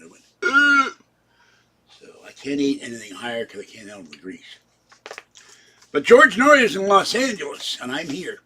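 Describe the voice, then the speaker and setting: A man in his seventies chats away on a live stream, drifting from one story to another as he talks to his viewers. His voice is husky and breathy, pitched in an ordinary middle range. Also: bright, forceful tone. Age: 70s. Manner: rambling, wandering from topic to topic; chatty, talks straight to viewers. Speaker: channel host. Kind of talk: casual live-stream chat.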